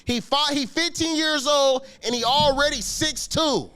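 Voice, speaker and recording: A man telling a story about his school days in a casual, slangy, animated way, swearing often and acting out the scenes. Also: very high voice, a little slow. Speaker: podcast guest telling a story.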